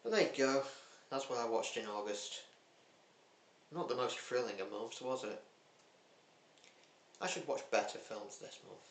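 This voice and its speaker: A man's voice: mid-range voice, a little slow, pauses often. Chatty man reviewing films in an echoey room. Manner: chatty, blunt, cheeky. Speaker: film vlogger. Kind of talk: casual film review chat. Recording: echoey room with faint hum.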